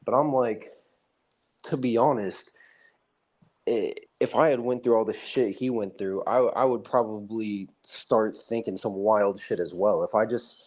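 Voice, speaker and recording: A man's voice: fairly low pitch, measured pace, a little mellow. A young man co-hosting a podcast in casual chat, talking loosely and profanely, laughing often and using plenty of filler. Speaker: podcast co-host.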